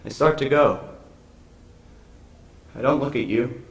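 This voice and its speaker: A man's voice: medium pitch, gravelly. A man playing a brooding actor alone on stage. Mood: musing. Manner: slow, musing, wistful delivery. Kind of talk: stage monologue. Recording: echoey stage recording.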